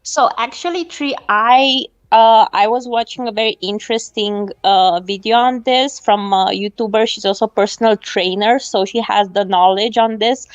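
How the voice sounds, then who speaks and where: A woman guest on a livestream, giving her opinions in a measured, hedging way with many fillers. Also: on the high side, clear, resonant tone, dull audio. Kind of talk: casual opinionated chat.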